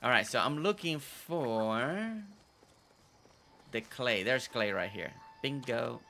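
A man's voice: mid-range voice, lively intonation, slow pace, bright, forceful tone, slight background noise. A man whose first language is not English, chatting casually over his gameplay. He repeats himself and stumbles over tricky names. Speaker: gameplay video host.

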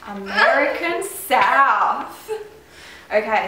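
A woman with an Australian accent, a guest on a vlog, chatting in a relaxed way and laughing easily. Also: fairly high pitch, slow pace. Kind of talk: casual vlog chat. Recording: echoey room, camera from far off, faint hiss.

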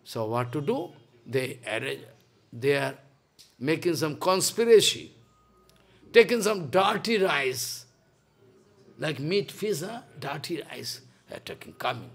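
Animated high-voiced preacher. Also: male voice, measured pace, creaky, pauses often, breathy edge. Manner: animated, dramatic retelling in broken English. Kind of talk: sermon storytelling.

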